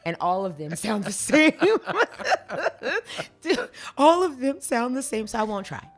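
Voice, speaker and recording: A woman hosting a casual podcast chat, animated and playful, laughing often and teasing herself. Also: a little high, slow. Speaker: podcast host.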